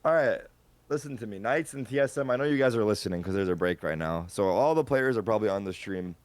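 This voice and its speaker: A man's voice: lowish voice, animated, fast, dry recording. A man co-hosting a stream, joking around with playful mock threats. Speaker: streamer co-host. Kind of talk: casual stream chat.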